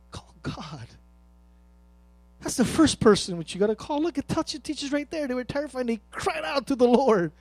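A man preaching a sermon as pastor, emphatic and swinging between loud and soft. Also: very high-pitched, dry recording.

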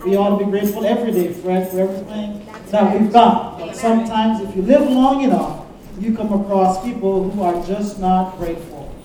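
A man's voice: sits high, moderate pace, dark tone. A man preaching a sermon as pastor, leading the congregation in call-and-response and telling stories. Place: church sanctuary. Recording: echoey church room, mic at a distance.

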